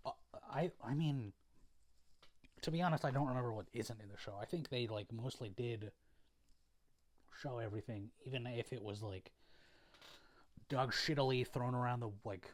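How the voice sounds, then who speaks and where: A man's voice: mid-range voice, moderate pace, long pauses. Laid-back young man rambling casually. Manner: rambling, profane, filler-heavy, laid-back. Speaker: video creator. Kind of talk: casual recap chat to camera.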